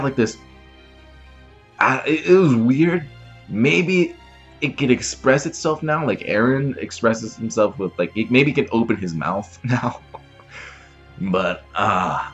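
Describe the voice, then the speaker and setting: A man's voice: mid-range voice, unhurried, breathy edge, lo-fi sound, faint music behind. A man hosting a reaction channel, recapping an episode in a casual, rambling way with lots of fillers. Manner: animated, rambling retelling with many fillers.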